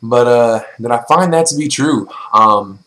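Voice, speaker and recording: A man's voice: medium pitch, animated, unhurried, a bit bright, low-quality recording. A young man casually answering viewer questions in a vlog, blunt and profane, with plenty of ums and likes. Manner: blunt, swears freely, lots of filler.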